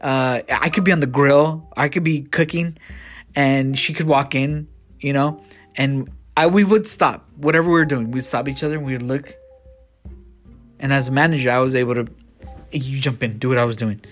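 A man casually telling a story to his viewers about his time as a manager, animated and profane, and acting out both sides of the dialogue. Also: mid-range voice, moderate pace, soft background music.

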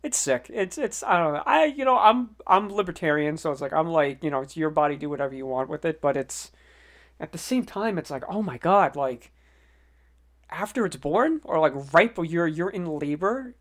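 A young man co-hosting a podcast in casual chat, lively and full of stammered restarts. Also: fairly high pitch, normal speed. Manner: animated, stammering restarts, acts out quoted voices. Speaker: podcast co-host.

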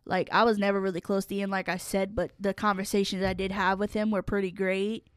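A young woman co-hosting a casual podcast chat, telling stories with loud acted-out quotes and plenty of swearing. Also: mid-range voice, fairly quick, no echo, clean studio sound. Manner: animated storytelling, swears freely, acts out quotes loudly. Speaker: podcast co-host.

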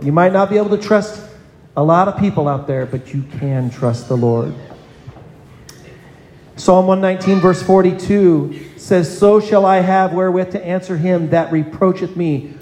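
A man's voice: sits high, darkish tone, slight background noise. A man preaching a sermon in a church, earnest, calling on children in the congregation by name. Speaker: pastor. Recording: echoey hall with long reverb.

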